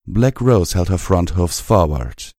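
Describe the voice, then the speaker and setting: A man reading fan fiction aloud in a measured, even storytelling manner. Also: low voice, no echo, clean studio sound. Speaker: audiobook reader.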